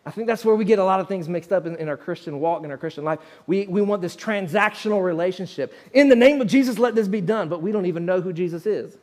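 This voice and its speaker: Pastor preaching a sermon, male, higher-pitched voice, loose and conversational with the congregation. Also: quick pace, few pauses, darkish tone.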